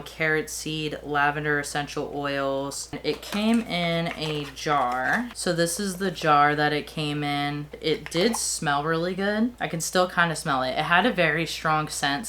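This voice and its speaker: A young woman talking casually and quickly, filling her talk with "like" as she reviews beauty products she has used up. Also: low voice, fairly bright tone. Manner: chatty, fast-talking with fillers. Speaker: beauty vlogger.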